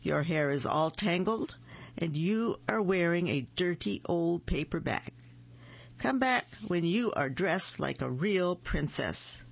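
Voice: medium pitch, animated, takes it slowly, gravelly, breathy edge, no echo, muffled recording, exaggerated voice. A reader doing a snooty young prince. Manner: scolding and snooty.

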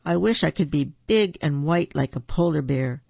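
A small, wistful chameleon from a children's picture book, read by a reader in a gentle voice with a gravelly edge. Its lines sound wishful and slow. The recording is dull and dry. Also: medium pitch, lively intonation, dry recording.

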